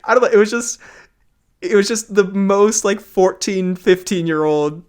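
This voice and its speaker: A man's voice: high-pitched, unhurried, clean tone. A young man hosting a podcast, chatting casually and rambling with lots of fillers, on a mic that sounds a bit off. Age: young adult. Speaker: podcast host. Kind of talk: casual chat. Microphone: makeshift mic setup that sounds a bit off.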